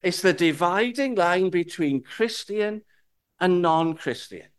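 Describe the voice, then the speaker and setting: A man preaching a sermon, explaining a Bible verse in an earnest, reassuring way and asking rhetorical questions. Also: sits high.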